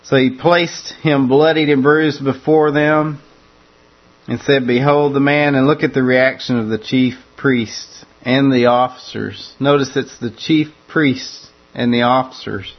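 A man's voice: medium pitch, steady tone, measured pace, highs cut off. A man preaching a conversational sermon that walks through a scripture passage, often repeating words as he restarts his phrases.

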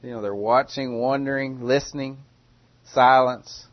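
A man delivers a sermon in a dramatic way, moving from hushed, slow passages to loud cries. His voice sits at a middle pitch. The recording is dry and slightly dull, with no room sound. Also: steady tone, no room sound. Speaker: preacher.

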